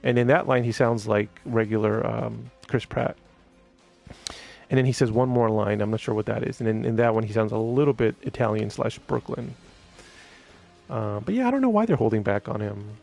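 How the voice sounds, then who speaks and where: A man talks loosely through a live stream in a gravelly, mid-pitched voice, stumbling over restarts and fillers as he goes. Faint music plays under his chatter. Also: normal speed, darkish tone. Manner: rambling, laughs often, many fillers and restarts. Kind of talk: casual live-stream chat.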